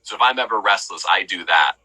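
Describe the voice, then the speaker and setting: A man with a deep radio voice, chatting casually as a joking co-host. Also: fast talker, sharp tone, rough recording. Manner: easygoing, joking. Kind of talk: casual chat.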